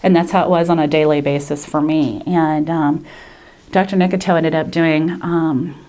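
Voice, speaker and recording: A woman speaking as a patient in an unscripted testimonial, hesitant and earnest, pausing often with fillers and restarting her sentences. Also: sits low, fairly even intonation, warm tone. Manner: earnest and grateful.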